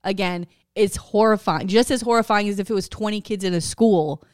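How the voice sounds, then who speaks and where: A woman's voice: medium pitch, brisk, dry recording, clean studio sound. A middle-aged American woman co-hosting a podcast in casual chat, blunt and profane, laughing often. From United States. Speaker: podcast co-host.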